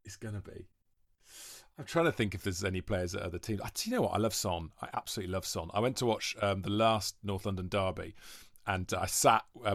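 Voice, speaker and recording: A man in his forties from Wales, a podcast guest telling long rambling stories with quick asides in casual chat. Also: on the low side, no echo, clean studio sound. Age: 40s.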